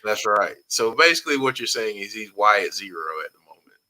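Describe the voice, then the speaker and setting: A man's voice: lowish voice, animated, brisk, sharp tone, poor audio. A man hosting a casual live-stream talk show, reading viewer comments aloud in an easygoing way. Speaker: host.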